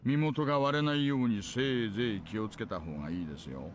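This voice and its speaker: A man voicing a sly middle-aged male police detective in a visual novel, with a smooth, insinuating, knowing manner. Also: fairly low pitch, racing, a little hiss or hum, lightly acted.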